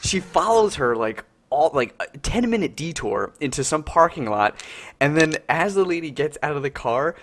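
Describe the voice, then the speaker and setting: Animated young man telling stories. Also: on the high side, moderate pace, a little hiss or hum. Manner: animated, swearing, lots of "like" and "you know what I mean". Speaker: podcast co-host. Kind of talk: casual storytelling chat.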